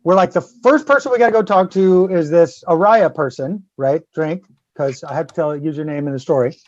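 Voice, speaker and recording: A man's voice: a little high, a little fast, no echo. Profane man spinning a story, lo-fi. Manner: profane, swearing freely; acts out the people in his stories. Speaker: guest host. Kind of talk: casual podcast storytelling.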